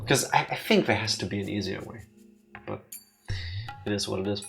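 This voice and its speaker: A woman's voice: a bass voice, fairly quick, gravelly, over loud music. A woman co-hosting a visual novel let's play, chatting casually, swearing and explaining words. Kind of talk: casual gameplay commentary.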